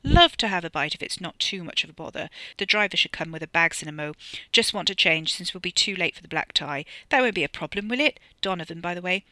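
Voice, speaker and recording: A narrator voicing Donovan, a smooth upper-class young man with breezy, oily charm. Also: mid-range voice, animated, quick pace, sharp tone, no echo. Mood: suave.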